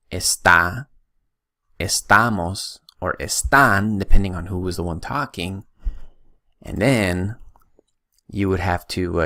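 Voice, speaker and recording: Low gravelly guy teaching spanish grammar, drills verbs slow, dry close sound. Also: pushed and bright. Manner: patient, drills conjugations slowly with emphasis. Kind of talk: recorded grammar lesson.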